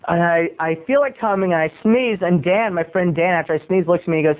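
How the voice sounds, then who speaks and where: A man's voice: high voice, fast, hardly any pauses. A man video blogger telling a rambling comic story in a chatty, playful, digressive way. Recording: tinny phone-like recording.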